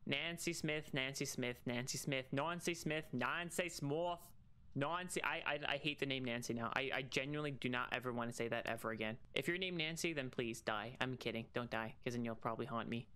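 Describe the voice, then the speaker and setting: Young male game streamer, bright crisp voice, teasing singsong banter with sudden excited yelps. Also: brisk. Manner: chatty and teasing, calling out to the ghost in a singsong; bursts into high excited shouts. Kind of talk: solo gaming livestream.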